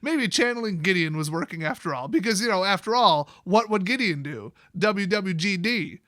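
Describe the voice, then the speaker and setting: A man's voice: sits high, lively intonation, moderate pace, sharp tone, no room sound, clean studio sound. A young man giving a sarcastic, rambling comedic recap of a fantasy story, swearing casually as he goes. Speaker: YouTube lore host.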